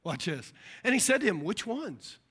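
A middle-aged man delivers a sermon in a strikingly high voice. His pitch leaps around as he acts out the voices of the people in his stories, and his tone is bright and forceful. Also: moderate pace, slightly rough. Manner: animated preaching with acted-out voices. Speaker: pastor.

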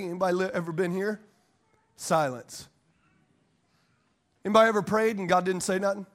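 A high-pitched male pastor preaches to a congregation during a church service. He tells animated, joking stories and laughs often.

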